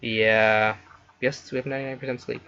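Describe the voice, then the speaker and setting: A man's voice: medium pitch, level tone, moderate pace, pushed and bright, clean tone, muffled recording. A man hosting a let's play, reading interactive fiction aloud between casual chat with his co-player. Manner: reads story text then chats casually.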